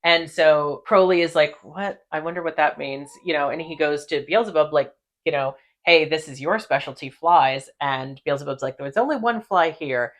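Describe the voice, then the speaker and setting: Low-voiced woman recapping casually. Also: moderate pace. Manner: animated, profane, laughs often. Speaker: podcast host.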